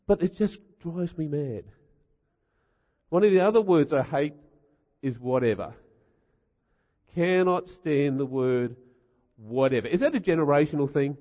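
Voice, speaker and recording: A middle-aged man, his voice a bit high for a man, tells humorous sermon stories in a wry, animated way, tossing in rhetorical asides. He speaks at a measured pace with frequent pauses, and the dull sound fades into a long hall reverb.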